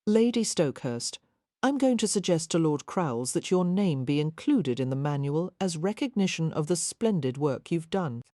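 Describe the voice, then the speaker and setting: A woman voicing a polite, hesitant gentleman who admires the heroine, in an audiobook. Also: sits low, expressive, moderate pace, dry recording, clean studio sound. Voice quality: hesitant, courteous.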